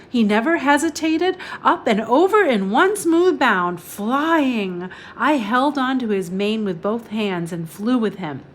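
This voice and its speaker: A woman reading a children's novel aloud, steady and calm, dropping softer at times. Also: fairly high pitch, slight background noise.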